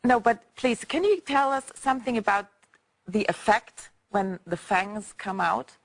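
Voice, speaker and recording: A woman's voice: medium pitch, unhurried. A woman whose first language is German, hosting a TV studio interview, upbeat and switching between German and English. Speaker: TV show host.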